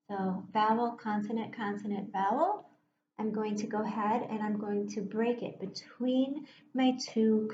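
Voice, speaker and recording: A woman teacher giving a slow, patient phonics lesson to young children, sounding words out and inviting them to read along. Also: mid-range voice, dark tone, a little hiss or hum. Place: room at a whiteboard. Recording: echoey room, dull muffled sound.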